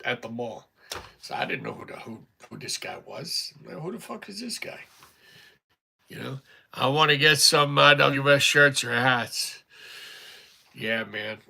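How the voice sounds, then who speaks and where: A man's voice: mid-range voice, gravelly, pushed and bright. A middle-aged man hosting a casual livestream, rambling through stories. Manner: rambling, chatty storytelling. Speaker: livestream host.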